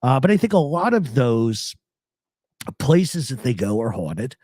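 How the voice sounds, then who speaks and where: A man's voice: medium pitch, measured pace, dry recording, clean studio sound. A man hosting a live show, chatting casually and swearing freely as he tells stories. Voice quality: profane, animated storyteller. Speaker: podcast host. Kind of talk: casual live-stream chat.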